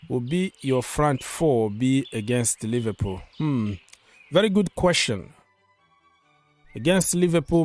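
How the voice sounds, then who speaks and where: A man's voice: medium pitch, a little mellow, clear, resonant tone. A man hosting a casual football live stream, talking loosely, repeating himself and reading out viewer comments, with a delivery.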